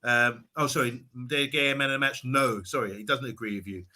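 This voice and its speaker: A man co-hosting a football fan show, reading viewer comments in a quick, animated way. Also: medium pitch. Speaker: co-host. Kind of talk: casual football chat.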